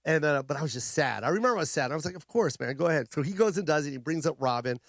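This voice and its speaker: A man, a comedian guest on a radio talk show, telling a story in an animated way with quick asides and repeated words, at a studio microphone. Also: on the high side, no echo.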